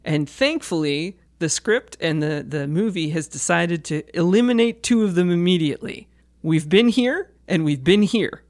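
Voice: medium pitch, lively intonation, normal speed, darkish tone. A podcast co-host riffing wryly about a movie in casual chat. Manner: wry, joking.

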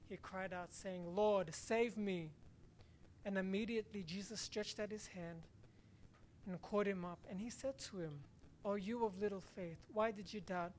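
A woman's voice: medium pitch, slight background noise. A woman preaching a sermon, reading a scripture passage and then explaining it earnestly, with some restarts.

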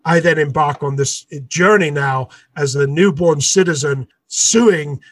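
A man's voice: fairly high pitch, measured pace, a bit bright, no echo. A man, an artist and author, recounting a dispute in an interview with indignant emphasis. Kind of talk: storytelling in an interview.

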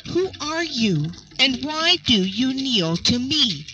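A woman's voice: high-pitched, sing-song, slow, noisy background, exaggerated voice. A woman reading the lines of a kind, earnest young prince in a storybook tale.

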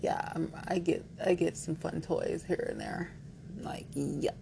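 A woman's voice: low voice, steady tone, a little slow, creaky, background noise. A woman chatting candidly to camera, rambling and playful, frank and a little giggly, with lots of "like.". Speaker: vlogger. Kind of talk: candid casual chat to camera.

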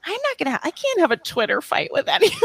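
A woman's voice: very high-pitched, wildly swooping pitch, fast, gravelly, fairly bright tone, no echo. Rambling woman guest on a podcast, dry sound. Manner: rambling, many restarts and laughs. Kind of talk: casual podcast chat.

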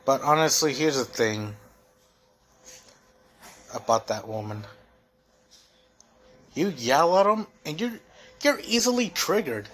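A man's voice: a little high, animated, slow pace, pauses often, fairly bright tone, breathy edge. A young man hosting a solo podcast, venting in a heated, profane, rambling way full of fillers. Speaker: podcast host.

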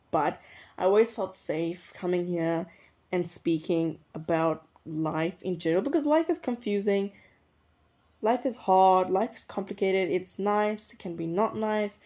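A young woman talks alone on her podcast, rambling and reflective, stopping often to correct her own words. Her voice sits low and mellow. The recording is a little muffled and lo-fi. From South Africa. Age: young adult. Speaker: podcast host. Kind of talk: casual solo podcast monologue. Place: indoors at her usual recording spot.

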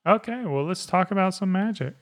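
A man's voice: high-pitched, animated, fairly quick. A man in his thirties hosting a casual podcast, rambling with lots of fillers and easy laughs. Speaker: podcast host.

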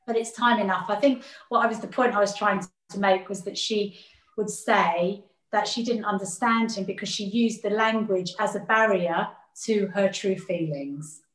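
A woman's voice: mid-range voice, normal speed. A woman speaking earnestly as an interview guest, reflecting on her family and often repeating words as she gathers her thoughts. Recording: roomy echo.

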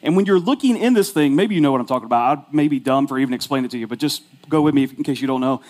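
A man's voice: medium pitch, rapid-fire, darkish tone. A man in his forties, a pastor telling a funny personal story in his sermon in a chatty, self-mocking way, full of "like". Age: 40s.

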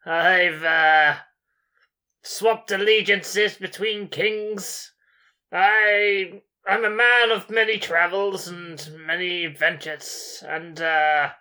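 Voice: mid-range voice, bright, forceful tone. A tabletop player voicing a pompous male human sorcerer who brags about his deeds. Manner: pompous, bragging.

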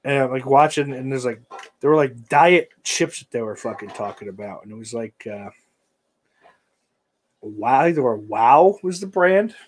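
A man's voice: medium pitch, animated, measured pace. A man chatting casually on a stream, rambling and swearing, often trailing off into mumbles. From United States.

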